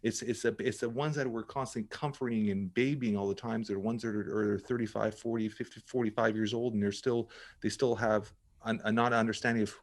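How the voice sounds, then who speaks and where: A man's voice: on the low side, steady tone, brisk. A middle-aged man talking casually as a podcast guest, emphatic and full of restarts and repeated words. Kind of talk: casual interview talk.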